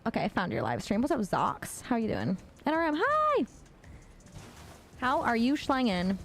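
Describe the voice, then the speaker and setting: A woman's voice: mid-range voice, sing-song, brisk, gravelly, slight background noise. Rambling woman streamer, casual and sweary. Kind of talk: casual gaming livestream chat.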